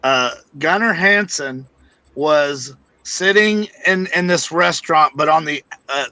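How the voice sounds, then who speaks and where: A man's voice: a little high, takes it slowly, bright, forceful tone, no room sound. A man telling funny, profane stories in a casual podcast chat, as a guest who used to wrestle. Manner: profane, joking anecdote teller.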